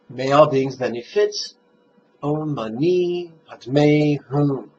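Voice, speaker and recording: A man guides a meditation lesson, pacing every phrase slowly and leaning on key words. The recording is muffled and lo-fi, with a faint hiss underneath. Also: mid-range voice. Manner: slow, deliberate, emphatic phrasing. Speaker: meditation teacher. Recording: dull lo-fi recording with faint noise.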